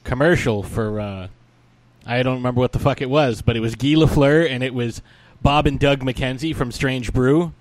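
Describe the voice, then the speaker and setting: A man's voice: medium pitch, normal speed, no room sound. A man in his thirties co-hosting a podcast, telling rambling, jokey stories in casual chat and swearing now and then. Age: 30s. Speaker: podcast co-host.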